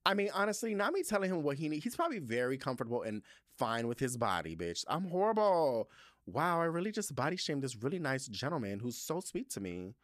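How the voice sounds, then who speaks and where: In clean studio audio with no room sound, a young podcast host with a higher voice talks a little fast as he goes through listener reviews solo, casual and sassy, sprinkling in playful swearing and side comments.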